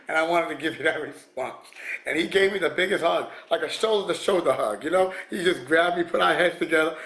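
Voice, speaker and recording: A man tells his stories casually to the camera, rambling and restarting often with small chuckles. His voice sits slightly high. The room around him rings with echo. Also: expressive, a little fast, vocal fry, a bit bright. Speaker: vlogger. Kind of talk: casual storytelling. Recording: echoey room.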